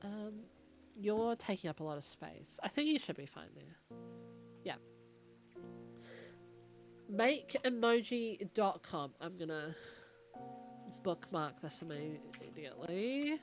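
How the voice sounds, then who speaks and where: A woman's voice: on the low side, takes it slowly, pauses often, soft background music. Chatty young woman streaming a game. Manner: chatty and excitable, thinking aloud and reading on-screen text. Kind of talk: casual live-stream chat while playing a puzzle game.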